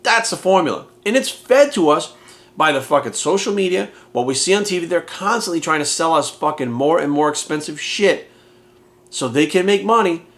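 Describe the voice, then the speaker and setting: A man's voice: on the high side, animated, normal speed, a bit bright. A man in his forties, a fitness coach, talking bluntly and emphatically in a candid motivational monologue full of swearing. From United States. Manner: blunt, heavily profane, emphatic.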